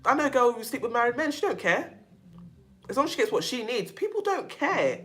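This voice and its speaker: A woman with a London accent hosting a casual livestream, chatting to viewers and reading their comments, outspoken and animated with frequent laughter and slang. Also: a little high, fairly quick. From England. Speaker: YouTube livestream host.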